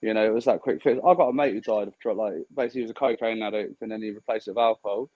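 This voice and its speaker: A man's voice: fairly low pitch, steady tone, rapid-fire, muffled recording. A man in casual podcast chat, blunt and swearing freely, telling stories and acting out what others said. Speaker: podcast co-host.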